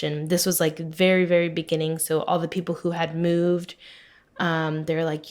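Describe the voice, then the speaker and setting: A woman's voice: low voice, flat delivery, moderate pace, a little mellow. A woman in her thirties co-hosting a podcast, telling a personal story in casual chat full of fillers. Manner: chatty storytelling, many fillers, laughs often. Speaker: podcast co-host.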